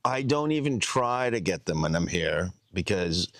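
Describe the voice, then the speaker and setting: Low-voiced Canadian-born comedian, chuckling. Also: male voice, very animated, normal speed, a bit bright, no room sound, studio quality. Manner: laid-back, chuckling, self-deprecating. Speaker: comedian guest. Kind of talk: casual chat.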